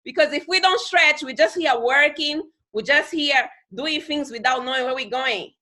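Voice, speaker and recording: A high, bright woman's voice gives a motivational talk to her team over a video call. She talks with heavy emphasis, repeats phrases to drive them home, and now and then mimics other people in squeaky voices. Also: normal speed. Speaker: team leader on a group call.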